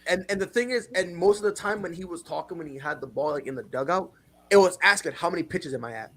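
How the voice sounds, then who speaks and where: High-voiced, husky man telling stories. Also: quick pace. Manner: animated storyteller, acts out players' quotes. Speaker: sports talk show host. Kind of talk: casual sports talk.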